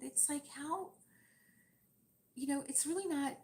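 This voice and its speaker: During her livestream, a woman chats casually and at length while working on a craft project, rambling and laughing often. Her voice is high-pitched and darkish in tone, and she speaks at a measured pace.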